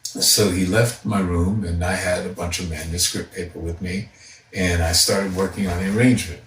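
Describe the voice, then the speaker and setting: A musician telling a relaxed, conversational story while demonstrating on guitar. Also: male voice, low voice, normal speed. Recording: roomy, distant mic with loud guitar.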